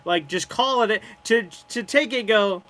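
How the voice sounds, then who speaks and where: A man co-hosting a live sports watch party stream, calling the action casually and cracking jokes. His voice sits a bit high and sounds bright and tense. He swears freely and acts out what the players might say. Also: normal speed. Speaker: co-host doing live play-by-play.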